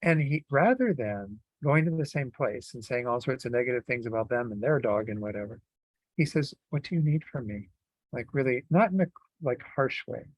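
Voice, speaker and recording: A man gives a Buddhist dharma talk in an easygoing, conversational way, pausing on fillers and restarting phrases as he thinks. His voice sits at an ordinary middle pitch, and the recording is close and dry with no room echo. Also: muffled recording. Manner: relaxed, conversational teaching with many fillers. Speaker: Buddhist teacher.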